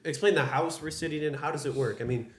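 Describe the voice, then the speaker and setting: A man's voice: on the high side, fast talker, slight background noise. A man hosting a casual podcast interview in a house, asking teasing, joking questions. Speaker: podcast host. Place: a house in the countryside. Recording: roomy echo.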